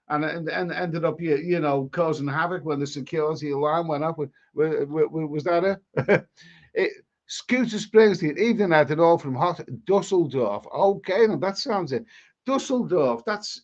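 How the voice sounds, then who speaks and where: A man's voice: on the high side, dull audio. A man with a Scouse accent hosting a live stream, chatting casually and rambling through viewer comments with many restarts. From England.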